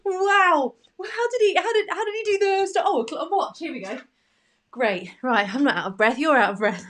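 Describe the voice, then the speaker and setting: A woman's voice: very high voice, fairly quick, fairly bright tone. A woman co-hosting a children's craft show, chatty and bubbly. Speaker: co-host. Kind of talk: playful kids' craft show chat.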